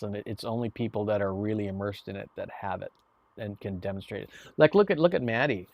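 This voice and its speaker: A man's voice: medium pitch, darkish tone, dry recording. A man chatting casually to viewers on a live stream, rambling, with many restarts and repeated words. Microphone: streaming mic.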